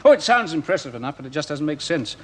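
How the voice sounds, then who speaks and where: A man's voice: fairly high pitch, sing-song, quick pace. An actor playing a bitter, envious middle-aged man who mocks others with theatrical scorn, in a 1970s television play. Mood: scornful. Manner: sardonic, mocking, theatrical. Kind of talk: 1970s television drama acting. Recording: old television sound with faint hiss.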